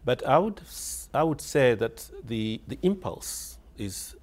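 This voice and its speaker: A man's voice: mid-range voice, very animated, slow, a little mellow. A man speaking in a reflective, hesitant way, often repeating words as he searches for his phrasing, and laughing wryly as he tells a story. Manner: wry, laughs while telling a story. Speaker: author interviewed on radio. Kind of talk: reflective spoken reminiscence.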